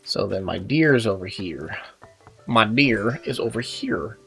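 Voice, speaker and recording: A man's voice: on the low side, expressive, unhurried, creaky, faint music behind. A man casually chatting while he plays a video game, rambling and self-deprecating, with many fillers and restarts. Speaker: gaming video host. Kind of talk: casual gameplay commentary.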